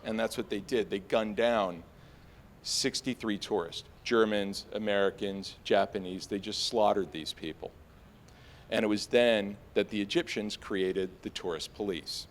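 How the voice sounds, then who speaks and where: Brief: young man, lowish voice, live stage storyteller, chatty with lots of fillers, spikes high on panicked asides. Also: a little slow. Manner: animated, conversational, leans on "like", jumps to high pitch for panicked quotes.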